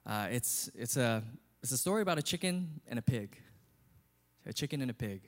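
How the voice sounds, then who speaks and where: A man's voice: mid-range voice, lively intonation, brisk. A male pastor preaching a sermon in an earnest, conversational way.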